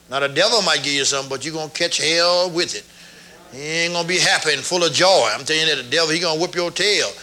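Older preacher guy, real bright voice, kinda high, tells stories and builds up loud. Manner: folksy storytelling, swells loud on key words. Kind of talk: sermon.

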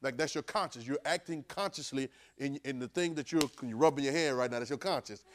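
A man preaching to a class in a loose, conversational way, often asking "right?" as he goes. He drops to a low murmur and then breaks into sudden loud bursts. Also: fairly quick, noisy background. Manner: call-and-response, keeps asking "right?". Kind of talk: conversational sermon.

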